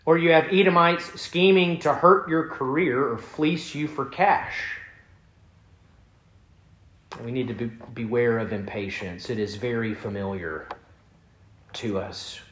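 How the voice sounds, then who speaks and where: A man's voice: medium pitch, unhurried, long pauses. Earnest preaching man in an echoey room. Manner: earnest preaching with rising emphasis and soft drops. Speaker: pastor. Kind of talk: sermon.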